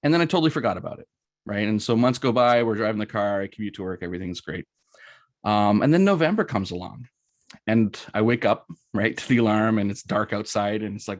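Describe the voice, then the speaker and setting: A talkative middle-aged man with a Canadian accent, speaking in a fairly low voice. He gives a relaxed presentation full of fillers, asides and little stories. The sound is dry and close, with almost no room echo. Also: brisk. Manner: chatty, storytelling, lots of fillers and "right?". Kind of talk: casual presentation.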